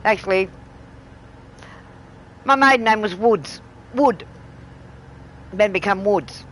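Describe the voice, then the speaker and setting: A woman's voice: medium pitch, takes it slowly, fairly bright tone, a little hiss or hum, rough recording. Chatty middle-aged Australian woman. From Tasmania, Australia. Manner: chatty, rambling, laughs often. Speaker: live streamer. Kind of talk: casual live-stream chat.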